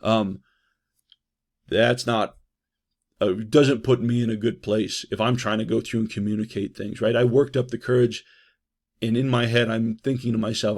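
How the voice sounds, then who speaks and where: A man leads a trauma-response training session. His voice is gravelly, and his delivery stays loose and conversational, checking in with "right?" and pausing on "uh" between points. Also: fairly low pitch, fairly even intonation, a little mellow. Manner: conversational, frequent "right?" and "uh" fillers. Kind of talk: training lecture.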